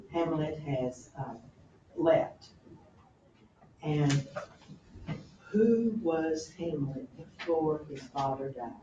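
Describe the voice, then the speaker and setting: A woman teaching a class, talking in an animated, chatty way and often correcting herself, recorded from a distance in a classroom. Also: deep voice, echoey room, dull audio, noisy background. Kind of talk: classroom lecture on a play.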